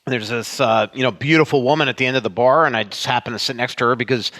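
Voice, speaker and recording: A man's voice: mid-range voice, fast talker. Man telling a story in a long-reverb hall. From Florida. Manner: meandering, animated anecdote-telling. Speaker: sports writer and co-host. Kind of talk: casual podcast chat.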